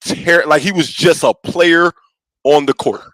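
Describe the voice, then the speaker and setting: A man's voice: fairly high pitch, unhurried, a bit bright, no echo. A man co-hosting a casual sports podcast, dejected and repeating himself. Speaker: podcast co-host.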